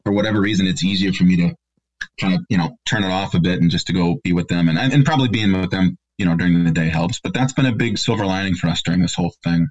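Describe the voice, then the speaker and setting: Middle-aged male guest, lowish voice, rambling chat over a video call. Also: fast talker, muffled recording. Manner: rambling, many fillers and restarts. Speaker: guest, company regional director. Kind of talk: casual interview chat. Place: home basement office.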